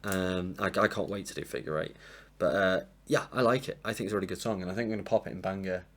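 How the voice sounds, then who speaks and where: A low-voiced man, in his late twenties, talks through a music ranking from his desk mic. He rambles and sounds sleep-deprived, and he is quick to put himself down and apologise. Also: fairly even intonation, fairly bright tone. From England. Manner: rambling, self-deprecating, apologetic. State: tired from lack of sleep. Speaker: music reviewer. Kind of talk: casual album ranking monologue. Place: home room at a desk. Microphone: desk mic propped up, sometimes knocked.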